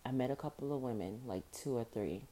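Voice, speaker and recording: A woman hosting a podcast alone, talking casually and informally with a rough morning voice, repeating phrases for emphasis. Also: rumbling low, a little fast, warm tone. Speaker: podcast host. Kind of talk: casual solo podcast monologue.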